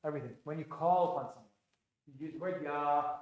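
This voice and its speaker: Here a fast-talking man with a fairly high, darkish voice lectures an Arabic class, quizzing students and repeating phrases with frequent restarts. The audio comes from an echoey classroom and lacks high frequencies.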